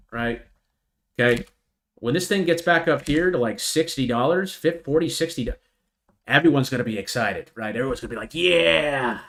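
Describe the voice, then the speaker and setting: Male trading streamer, lively and mocking, mid-pitched voice, loose chatty delivery. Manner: animated, mocking imitations of retail traders. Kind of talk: live stream market commentary.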